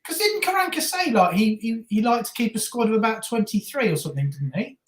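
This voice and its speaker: A woman with a very lively, up-and-down voice, heard in a roomy, echoey space. She chats and laughs through a football reaction stream, shouting at the big moments. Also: on the high side, brisk. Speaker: stream co-host. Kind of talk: casual football watch-along chat. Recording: roomy echo.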